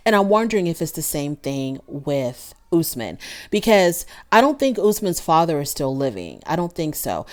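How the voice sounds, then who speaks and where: A woman hosting a casual reality TV recap, opinionated and animated, thinking aloud with restarts. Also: on the low side. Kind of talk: casual commentary.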